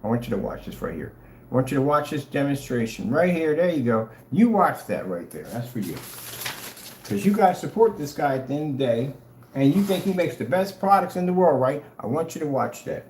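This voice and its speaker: A man on a livestream taunts and mocks his chat, his pitch leaping up and down as he rants. His voice rings in a roomy space with a faint hum behind it. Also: sing-song, a little fast, a little mellow. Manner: taunting, sarcastic, challenges viewers. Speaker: livestream host selling projector screen paint.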